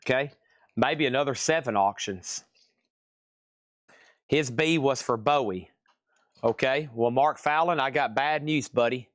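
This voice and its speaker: A man's voice: medium pitch, a little slow, long pauses, fairly bright tone, dry recording, studio quality. Chatty man running a live record sale. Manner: chatty, reads out buyer names, prices and record conditions. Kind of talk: casual live-stream auction patter. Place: record shop.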